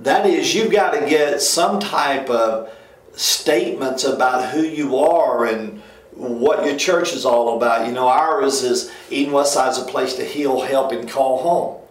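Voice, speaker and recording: Emphatic folksy pastor, roomy sound. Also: male voice, a little slow. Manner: emphatic, folksy, rises high when mocking others. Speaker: pastor and co-host. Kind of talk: church ministry talk show. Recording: roomy echo.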